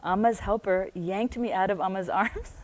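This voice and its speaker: Animated American woman reading her story aloud. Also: mid-range voice, normal speed. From United States. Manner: animated, laughs often, breaks off into chatty tangents. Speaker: book club host reading her own book aloud. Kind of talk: reading aloud with casual asides.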